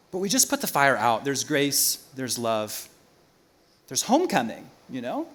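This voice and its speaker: A man preaching a sermon as pastor in a church, swinging from loud emphasis to quiet asides. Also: a little high, sing-song, normal speed.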